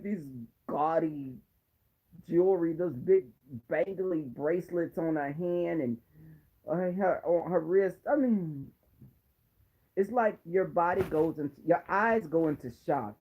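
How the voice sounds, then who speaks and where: A man's voice: high-pitched, vocal fry, a little mellow, rough recording. A man vlogger roasting someone in a sassy, dramatic way. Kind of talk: sassy commentary.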